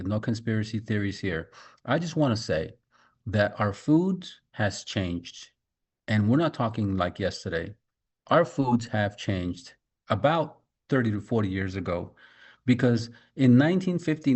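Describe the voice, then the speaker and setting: A man's voice: on the low side, a little mellow. A man giving a motivational business training talk, emphatic, repeating key points and speaking straight to his listeners.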